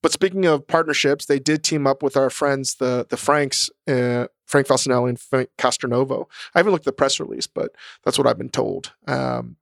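Gravelly-voiced blunt man chatting. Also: mid-range voice, fairly even intonation, moderate pace, few pauses, dry recording, clean studio sound. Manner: blunt, profane, emphatic. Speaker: podcast co-host, chef. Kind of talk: casual chat.

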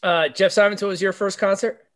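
A middle-aged man hosting a podcast, asking questions in a quick, playful way. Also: sits high, fairly even intonation, fairly bright tone. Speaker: podcast host. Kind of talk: casual chat.

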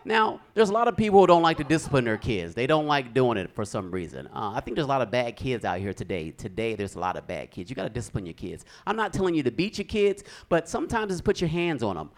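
A man doing stand-up comedy, telling animated stories with sound effects on stage. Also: mid-range voice, quick pace, few pauses.

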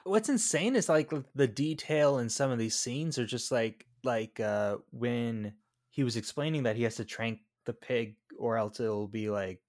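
A man appearing as a podcast guest, telling stories in an animated way, with many stumbles and restarts. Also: medium pitch, measured pace, no room sound, clean studio sound. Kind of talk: casual podcast chat.

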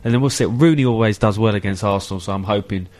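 A man's voice: on the low side, a little mellow. Wry male football pundit. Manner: wry, quick quips. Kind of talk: casual football podcast chat.

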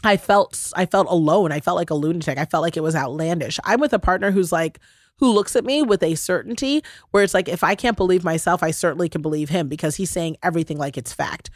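A woman's voice: lowish voice, fast, dry recording, studio quality. A woman hosting a podcast, telling personal stories in a casual, heartfelt chat with lots of laughter. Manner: animated, laughing, gushing storyteller. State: briefly choked up. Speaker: podcast host.

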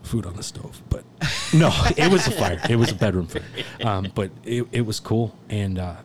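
A man in his thirties, a firefighter appearing as a guest, tells a story casually, rambling and swearing freely and laughing often. His voice is fairly low and expressive at a moderate pace, with slight background noise.

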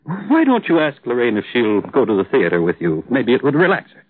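A kindly, hesitant office boss. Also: male voice, mid-range voice, huge pitch swings, a little fast, slightly rough, no room sound. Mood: concerned. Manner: hesitant, sympathetic. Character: kindly middle-aged male office boss. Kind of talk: 1950s radio drama acting. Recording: tinny old radio broadcast.

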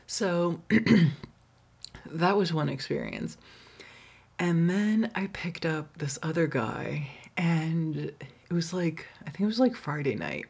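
A woman's voice: low voice, expressive, takes it slowly, vocal fry, a little mellow, husky. A woman hosting a solo podcast, telling candid, profane stories with lots of "like", restarts and laughter. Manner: candid and profane, heavy filler "like"; frequent laughter, trailing restarts. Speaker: podcast host.

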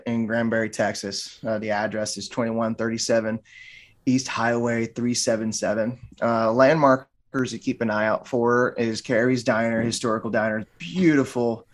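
A man who teaches martial arts, talking as a podcast guest in a loose, joking, rambling way with many restarts. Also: medium pitch. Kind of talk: casual interview talk.

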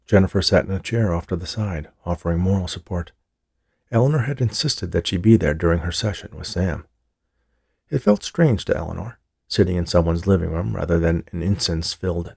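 A man reading a novel aloud as an audiobook narrator, in a steady, measured way. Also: low-pitched, gravelly, slightly rough, no echo, clean studio sound. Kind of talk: scripted narration.

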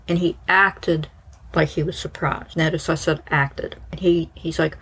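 Low husky-voiced woman podcast host. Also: steady tone, unhurried, rough recording. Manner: chatty and informal, many "like" fillers and asides. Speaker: true crime podcast host. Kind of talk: casual storytelling narration.

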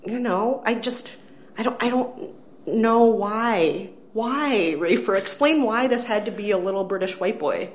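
A woman's voice: mid-range voice, unhurried. A woman co-hosting a movie podcast, reviewing films in casual chat with a wry, sarcastic, enthusiastic manner. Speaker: podcast co-host, film critic. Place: empty office room.

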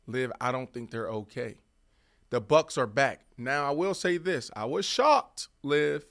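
An animated male sports podcast co-host in his thirties, a former receiver who argues hard and swings between loud pushes and quiet asides. His voice sits a little high for a man. The talk is casual and full of rhetorical questions. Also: moderate pace.

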